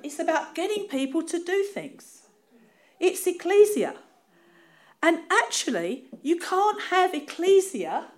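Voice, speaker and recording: A woman with a Cockney accent gives a relaxed, conversational sermon. Her voice sits high and swings widely in pitch, and she laughs often and pokes fun at herself between points. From East End of London. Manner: lively, laughing, self-deprecating storytelling. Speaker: preacher. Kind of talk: informal sermon.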